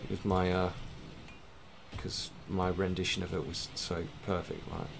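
A man's voice: low-pitched, monotone, unhurried, gravelly, background noise. A man giving casual, rambling, self-mocking commentary while playing a game, swearing now and then. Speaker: gaming let's-play host.

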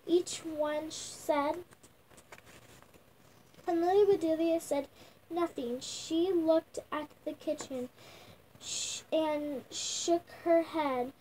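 A woman's voice: high voice, steady tone, slow pace, long pauses, warm tone, slight background noise, rough recording. A young girl reading a picture book aloud at home, sounding out words with restarts. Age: child. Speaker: young reader.

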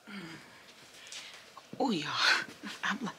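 A woman vlogging on her phone in a casual, animated way, calling her viewers girl, honey and y'all. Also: sits low, a little slow, gravelly. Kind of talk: casual vlog chat. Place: in a car and at home. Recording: loud background noise.

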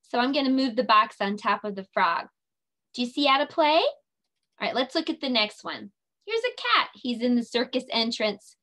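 Leading circle time for young children, a preschool teacher stretches out her words in a slow, sing-song, encouraging way. Her fairly high voice sounds pushed and bright.

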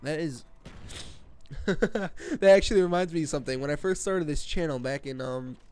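A young man in his late teens doing rambling, jokey gameplay commentary from his bedroom, excitable and prone to sudden screams. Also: on the high side, normal speed. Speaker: gaming channel host. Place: own bedroom.

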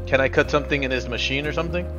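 Dude streaming a game, swears a lot, mutters to himself, bit muffled audio w faint music. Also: male voice, medium pitch, very fast. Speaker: live streamer. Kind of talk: casual gameplay commentary.

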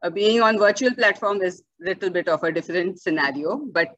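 A woman's voice: lowish voice, brisk, a bit bright, dry recording, dull audio. A woman lecturing on a video call, explaining terms step by step with frequent "okay" and "uh" fillers. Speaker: lecturer on bioethics. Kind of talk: online lecture. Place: home or office, virtual webinar. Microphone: computer mic on a video call.

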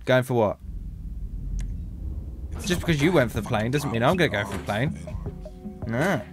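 A man's voice: mid-range voice, lively intonation, moderate pace, over music. A man chatting casually over gameplay as the channel's host, joking and bursting into theatrical outbursts.

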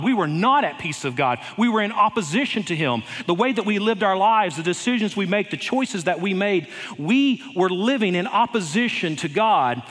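A man preaching a sermon in a church, earnest and unhurried, with light touches of humor. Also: high voice, fairly bright tone. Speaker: head of school preaching. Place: church sanctuary. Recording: long reverb of a church hall.

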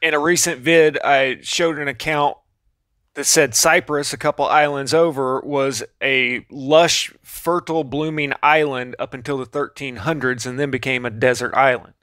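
A man's voice: medium pitch, steady tone, normal speed, fairly bright tone, no echo, clean studio sound. A man casually narrating a video, with offhand, sarcastic asides.

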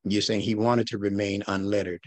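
Instructor, male, low voice, dry close sound, rhetorical and challenging lecture. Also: little pitch movement, a little fast, dry recording. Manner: challenging, rhetorical, repeats key points. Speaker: religious instructor. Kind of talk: recorded class lecture.

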